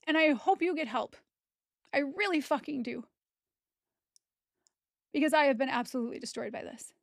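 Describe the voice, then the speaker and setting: A woman's voice: high-pitched, moderate pace, creaky, no echo, clean studio sound. A woman content creator giving a personal testimony straight to camera, blunt, heated and profane.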